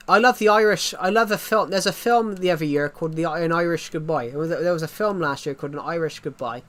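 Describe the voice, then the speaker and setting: A man's voice: on the high side, fast, hardly any pauses, fairly bright tone. A man chatting casually on a livestream, rambling and often restarting his sentences. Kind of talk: casual stream chat.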